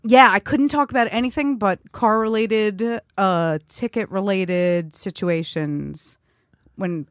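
A woman's voice: medium pitch, slow, no echo. A middle-aged woman from Queens, chatting as a guest and acting out other people's voices. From Queens, New York. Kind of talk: casual chat.

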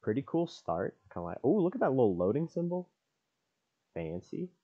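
A man's voice: mid-range voice, big pitch swings, normal speed, slightly rough, highs cut off. A young man giving goofy, rambling let's-play commentary, joking about the game. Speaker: gamer.

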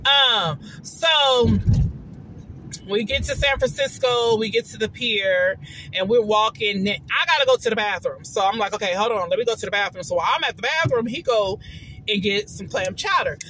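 Chatty woman vlogger with a bright voice. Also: mid-range voice, moderate pace, a little hiss or hum, rough recording. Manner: chatty and expressive, says "baby" often, laughs while telling; quotes others in shifted voices. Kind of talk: casual storytelling vlog.

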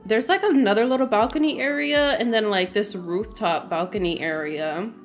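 A woman's voice: medium pitch, moderate pace, faint music behind. A woman livestreaming a game, chatting casually, with lots of fillers, frequent laughs and greetings to her viewers. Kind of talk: casual livestream chat while playing.

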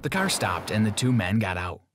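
A man giving scripted first-person narration of an animated story in a plain, steady telling. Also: lowish voice, normal speed, noisy background. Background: background music.

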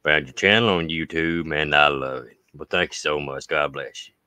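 A low-voiced man with an Appalachian accent and a smooth, resonant sound reads viewer letters on a casual livestream. His tone is bright and forceful, and his manner is folksy, with thanks drawn out at length. The recording is close and dry. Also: moderate pace, no echo. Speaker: host reading viewer mail.

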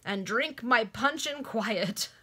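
A woman's voice: fairly high pitch, lively intonation, slow, fairly bright tone, slightly rough, pitched above the performer's own voice, full character voice. A woman doing a tipsy preachy parson. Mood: preachy drunk. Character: drunken sanctimonious male parson.

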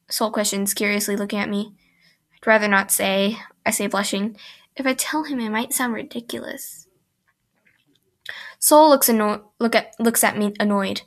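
A young woman reading a fan fiction aloud in first person, halting and restarting mid-sentence, and breaking off for chatty asides. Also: medium pitch, steady tone. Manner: breaks off for chatty, giggly comments.

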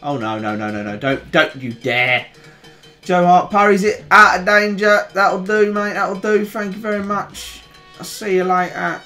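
A young man with a Birmingham accent giving excitable, chatty play-by-play commentary on a football video game, groaning and shouting at near misses. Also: high voice, unhurried, faint music behind. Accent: Birmingham English. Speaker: gaming YouTuber.

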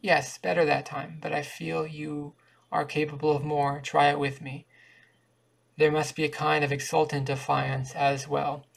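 A man reading the part of a vain, gallant male singing teacher in a flat, gravelly voice. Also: fairly high pitch, unhurried. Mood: ardent.

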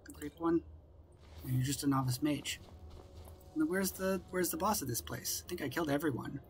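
A gameplay commentator gives wry, casual let's-play commentary, often talking to himself and to the game's characters. His voice is on the high side and fairly quick, with soft music in the background.

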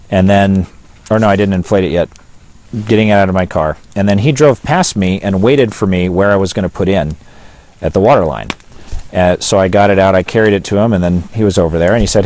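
A man's voice: sits low, a little mellow. A man with a Pacific Northwest American accent telling a story in an interview, rambling and hesitant, with many fillers and restarts. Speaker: pastor and witness.

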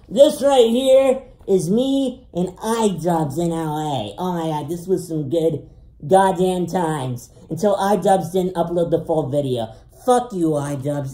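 A man from Canada hosting a crude comedy video, showing off photos of friends with drawn-out delivery, swearing and sudden shouts. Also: high voice. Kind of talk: comedic show-and-tell monologue. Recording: echoey room.

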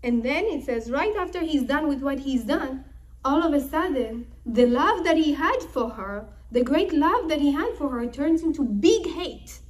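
A woman's voice: sits high, lively intonation, moderate pace, low-quality recording. A young woman teaching a scripture lesson through dramatic storytelling, acting out the quoted lines with emphasis. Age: young adult. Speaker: Torah teacher.

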